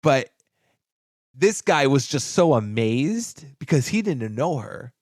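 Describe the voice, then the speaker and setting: Slow-speaking and recorded in studio quality without room sound, a man co-hosts a podcast and tells a story in casual, profane talk. He animatedly plays the people he quotes, with big jumps in pitch.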